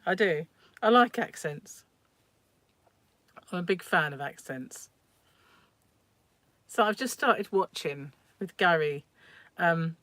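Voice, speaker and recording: A woman's voice: on the low side, fairly bright tone, no echo. A middle-aged woman hosting a crochet livestream at home, chatting casually and laughing often as she rambles through viewer comments.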